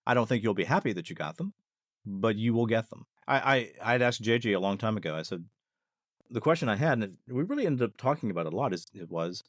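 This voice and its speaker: A man's voice: lowish voice, dry recording, clean studio sound. A man, a podcast guest, telling stories in a casual, reflective way with frequent restarts. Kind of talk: casual storytelling.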